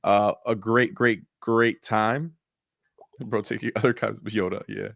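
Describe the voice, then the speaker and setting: Casual male podcast co-host, relaxed swearing storyteller, dry close mic. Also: on the low side, measured pace, gravelly, no echo. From Sacramento, California. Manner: laid-back storytelling, swears freely. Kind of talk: casual chat.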